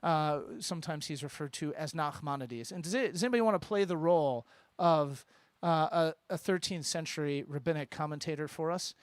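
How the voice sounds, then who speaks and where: Man, rabbi, high voice, dry close sound, chatty sermon with jokes. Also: a little fast, no echo. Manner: lively, informal, joking asides. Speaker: rabbi teaching at a Shabbat service. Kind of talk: interactive sermon with congregation. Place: synagogue sanctuary.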